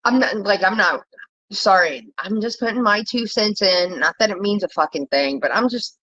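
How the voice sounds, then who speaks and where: Solo woman vlogger, blunt cussing rant, pitch jumps when heated, muffled lo-fi sound. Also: lively intonation, normal speed, fairly bright tone. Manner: blunt, profane, rambling, rising pitch when worked up. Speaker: commentary vlogger. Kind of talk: casual ranting commentary.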